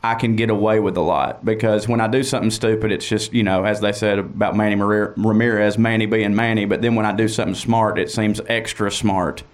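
A man's voice: fairly low pitch, fairly even intonation, a little fast, few pauses. A man from Georgia with a Southern US accent, a comedian guest talking in a chatty, filler-heavy way. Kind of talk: casual conversation.

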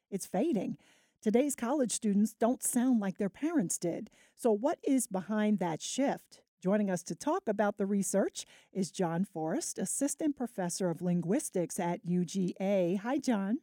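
A woman's voice: mid-range voice, mellow, no echo, clean studio sound. A woman hosting a public radio show, introducing a guest and asking short, friendly questions.

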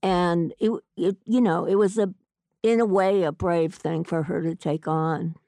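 Female author guest, low-pitched and creaky, thoughtful and halting. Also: fairly even intonation, mellow, dry recording, clean studio sound. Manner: thoughtful, hesitant, many fillers. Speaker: author being interviewed. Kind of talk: conversational interview answers.

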